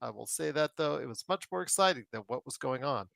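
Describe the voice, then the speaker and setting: A man hosts a sports podcast, talking in a loose, rambling way and joking through plugs for the show. His pitch swings up and down freely. The recording is dry, with no room around the voice. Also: brisk, gravelly, no echo. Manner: rambling, animated, jokey plugs. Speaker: podcast host. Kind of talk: casual sports podcast chat.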